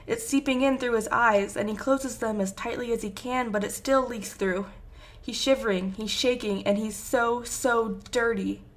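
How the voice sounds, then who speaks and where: A woman reading a fan fiction story aloud with intense, emotive narration. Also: on the high side. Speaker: fanfiction reader.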